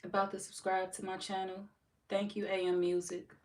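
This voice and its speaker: A woman's voice: medium pitch, completely flat delivery, moderate pace. Laid-back woman reading chat, roomy echo. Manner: laid-back, swears freely, laughs often. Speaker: tarot reader streaming live. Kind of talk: casual live-stream chat reading comments. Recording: roomy echo from far off mic, faint background noise.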